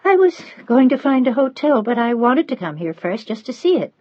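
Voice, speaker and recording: A woman reading the part of a weary, guarded young woman, speaking in a quiet, restrained way. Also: a little high, sing-song, normal speed, no room sound, dull audio, pitched above the performer's own voice.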